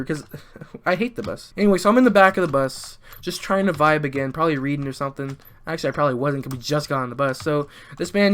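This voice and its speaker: A Southern American teenager doing storytime commentary over gameplay for YouTube jokes and rambles, restarting constantly and mumbling at the game. His voice runs high with a fairly bright tone.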